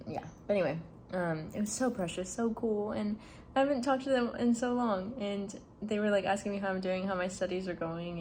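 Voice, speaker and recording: A woman's voice: fairly low pitch, darkish tone, slight background noise. Gushing young woman telling a story. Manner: gushing, rambling with many fillers. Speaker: vlogger. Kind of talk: casual storytelling to camera. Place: indoors, packing up a room.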